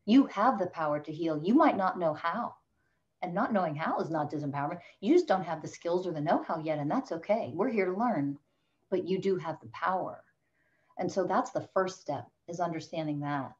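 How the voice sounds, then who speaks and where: A woman's voice: on the low side, lively intonation, moderate pace, highs cut off. A woman coach speaking as a podcast guest, emphatic and motivational, growing impassioned as she makes her points. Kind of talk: podcast interview.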